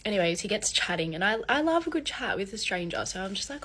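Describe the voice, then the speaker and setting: A woman, from Australia, telling a personal story in a casual storytime vlog in an animated, chatty way. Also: mid-range voice, fast, hardly any pauses, slightly rough.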